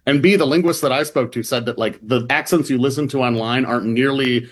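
A man's voice: mid-range voice, a little fast. A man talking as a reporter guest, explaining at length in a loose, rambling way with many fillers and restarts, sometimes mimicking other voices in jest. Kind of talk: casual explanatory chat.

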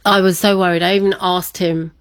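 A woman telling a personal story in conversation, animated and quick to laugh, often acting out what her family said. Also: lowish voice, no echo. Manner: lively, laughs often, acts out family quotes. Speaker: guest.

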